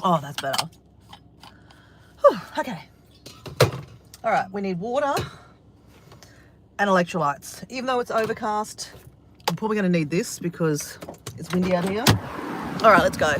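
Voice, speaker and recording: An Australian woman chatting excitedly in a casual vlog, swearing now and then, outdoors by the ocean on a windy day. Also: medium pitch, normal speed, long pauses. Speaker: vlogger.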